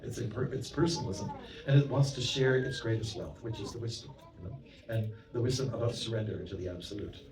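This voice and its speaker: Speaking fast in a fairly low voice, the Canadian monk tells stories to a temple audience, whose presence can be heard behind him. He keeps it chatty with anecdotes, frequent "you know" asides, and questions for the room, captured by a far-off mic in an echoing hall.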